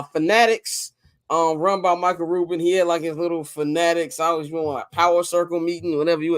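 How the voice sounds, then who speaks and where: A man from Chicago hosting a sports podcast, relaxed and conversational as he brings in guests and stories. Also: fairly high pitch, no echo, studio quality. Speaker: podcast host. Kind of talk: casual hosting.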